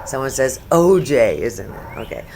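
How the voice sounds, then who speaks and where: A woman's voice: very deep voice, sing-song, moderate pace, creaky, dark tone, slight background noise. A middle-aged woman from the United States telling stories in a casual sports vlog, chatty, blunt and profane, with asides. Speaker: sports vlogger.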